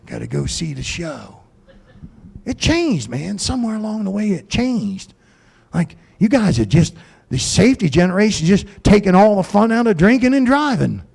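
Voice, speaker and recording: Gravelly, animated middle-aged comedian ranting. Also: male voice, high-pitched, moderate pace. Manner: profane, ranting storyteller. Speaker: stand-up comedian. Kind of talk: stand-up comedy set. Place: comedy club stage.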